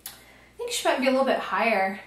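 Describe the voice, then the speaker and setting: A pregnant woman vlogs in a high, brisk, slightly bright voice with big pitch swings, and the room sounds roomy. Her casual chat, captured on a handheld camcorder in a small home nursery, is dotted with ums and little laughs.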